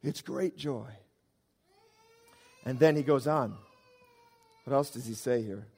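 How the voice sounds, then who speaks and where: A man preaching a sermon as a pastor, swinging from loud emphasis to quiet, low asides. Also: slow pace, long pauses, husky, in a large hall.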